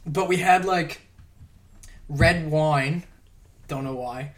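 A man's voice: on the high side, slow, a bit bright. A man chatting casually as a podcast guest, rambling and laughing as he tells stories and swears now and then. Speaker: podcast guest, props worker. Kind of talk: casual chat.

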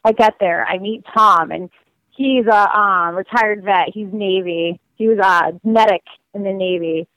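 A woman's voice: medium pitch, measured pace, no echo, poor audio. Chatty woman telling road stories. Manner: lively, with many likes and acted quotes. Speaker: guest describing her cross-country walk. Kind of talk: casual storytelling.

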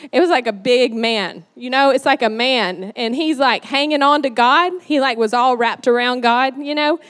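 A woman giving a conversational sermon, chatty and animated with lots of fillers. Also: high voice, normal speed, clear, resonant tone. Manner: chatty and animated, many "like"s and "you know"s. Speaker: church speaker. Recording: long hall reverb.

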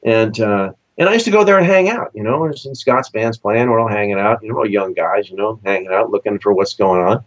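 A man's voice: brisk, hardly any pauses, lo-fi sound. A man from Southern California, a session musician, telling long casual stories in an interview and acting out the voices of people he quotes. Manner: animated storyteller, acts out quoted voices with big pitch jumps.

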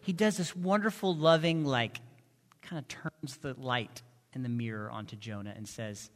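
A male pastor preaching a sermon, impassioned, moving from soft pleading to loud emphasis. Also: mid-range voice, normal speed. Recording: long reverb of a large hall.

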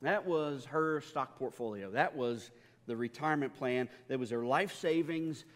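Pastor preaching in a reverberant hall. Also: male voice, mid-range voice, unhurried. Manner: storytelling with humor, frequent repeated words. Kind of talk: sermon.

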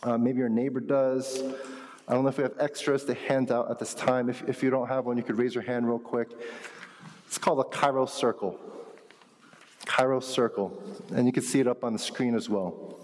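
A pastor delivering a relaxed, animated sermon, talking with his church like a friend. His voice sits in an ordinary middle range. A long reverb hangs on every phrase, as in a large hall. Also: medium pitch, a little fast, slight background noise. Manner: conversational, animated teaching with asides.

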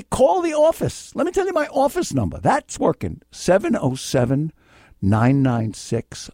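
An older man hosting a call-in legal advice radio show, blunt and excitable, swinging between yelling and calm. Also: mid-range voice, no room sound, studio quality. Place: radio studio.

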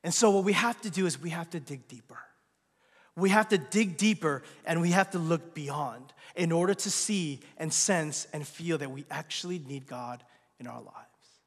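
A man preaching a sermon as pastor, swinging from loud, emphatic lines to hushed, near-whispered asides. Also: a little high, moderate pace, slightly rough, in a large hall.

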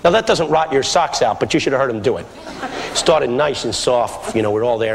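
A man from West Philadelphia telling a humorous sermon story, lively and building to shouts. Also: mid-range voice, fast, creaky. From West Philadelphia, USA. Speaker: preacher, guest speaker. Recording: archival talk in a reverberant hall with background noise.

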